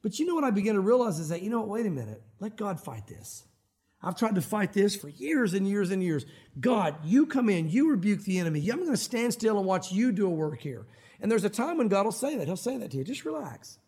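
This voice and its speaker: High-pitched middle-aged guy preaching, animated, does little voices for the people he quotes. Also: fast talker, breathy edge. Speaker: pastor. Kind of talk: sermon.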